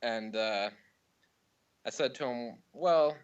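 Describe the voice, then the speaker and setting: A young man calling in to a radio show, telling a long story in a rambling, deadpan way with many fillers. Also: on the low side, normal speed, lo-fi sound. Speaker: caller. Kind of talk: prank story told over the phone.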